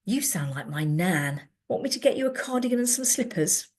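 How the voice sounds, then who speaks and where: A woman's voice: medium pitch, animated, moderate pace, a little mellow, close to an everyday voice. A woman voicing a mischievous fifteen-year-old boy who teases with mock-serious wisecracks.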